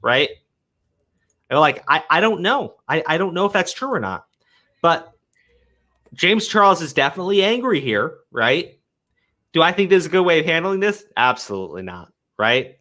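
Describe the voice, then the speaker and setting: A man's voice: on the high side, big pitch swings, normal speed, long pauses, pushed and bright. A man hosting a commentary stream, talking heatedly, swearing often and repeating words as he goes. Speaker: commentary show host. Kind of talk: casual commentary chat.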